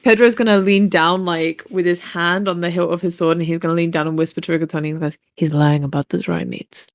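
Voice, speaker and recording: A woman playing a tabletop game, talking relaxed and matter-of-fact. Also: lowish voice, fast talker, no echo, clean studio sound. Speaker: player. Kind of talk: casual tabletop game chat.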